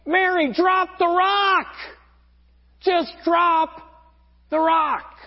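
A man voicing a crowd of people on a boat, shouting encouragement in a high, raised voice. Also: steady tone, extremely slow, exaggerated voice. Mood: urgent calling. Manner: shouting, urgent. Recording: dull lo-fi sound.

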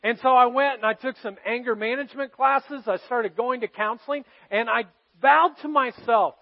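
A man preaching a heartfelt sermon in a noticeably high voice, confessing his own struggles to the congregation. He moves between ringing emphasis and near-whispered moments. The recording sounds dull and muffled. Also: moderate pace, vocal fry. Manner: earnest, confessional storytelling to a congregation, swinging from loud to hushed. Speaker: pastor.

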